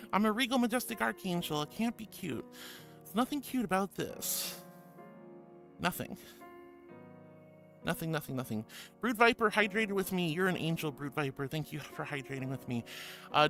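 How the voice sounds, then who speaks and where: A woman's voice: mid-range voice, expressive, normal speed, a bit bright, faint music behind. A woman VTuber streamer in casual live-stream chat, playful and affectionate, giggling as she greets viewers and reads their messages aloud.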